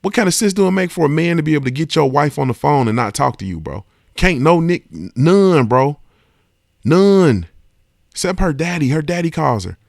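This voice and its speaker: Gravelly man ranting on a podcast. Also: fairly high pitch, lively intonation, quick pace, few pauses, no echo, clean studio sound. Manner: emphatic, profane, keeps asking "you understand what I'm saying". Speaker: podcast host. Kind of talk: casual podcast monologue.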